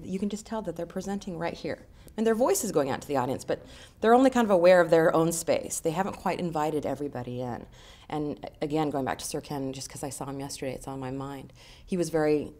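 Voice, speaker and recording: A woman with a noticeably low voice talks through her work as a communications coach. She answers interview questions in an animated, conversational way, explaining ideas with everyday examples.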